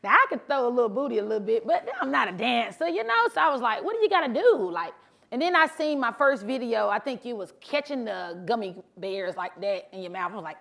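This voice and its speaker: Bubbly, animated woman telling her story. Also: a little high, fairly quick, creaky. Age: adult, mother of sons. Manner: casual, chatty, addresses crowd as honey and y'all. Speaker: truck driver and social media creator. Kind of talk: motivational speech to an audience. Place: live event before an audience.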